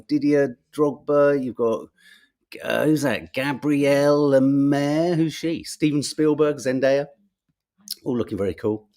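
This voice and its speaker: With a dark, mid-range voice, this British host reviews the newspapers on his podcast. The chat is casual and sardonic, and he thinks out loud as he goes.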